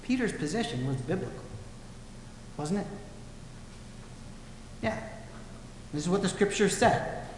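A man gives a sermon in a relaxed, storytelling manner, his voice sitting a little high. He is heard in a big hall that rings with strong, lingering echo. A faint hum of ambience sits under his words. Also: unhurried, long pauses. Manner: conversational storytelling, acts out quotes. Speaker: pastor.

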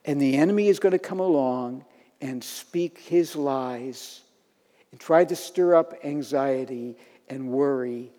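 A man's voice: medium pitch, unhurried, warm tone. Man preaching in a reverberant hall. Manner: building to emphatic declarations. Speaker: pastor. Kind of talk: sermon.

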